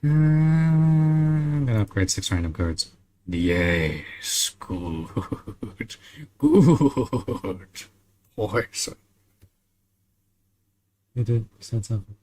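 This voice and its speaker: A young man from Australia, chatting casually with viewers while he plays a game, relaxed, laughing often and swearing now and then. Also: mid-range voice, drawn-out words, pauses often. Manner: laid-back, chuckles often, swears casually. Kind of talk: casual chat.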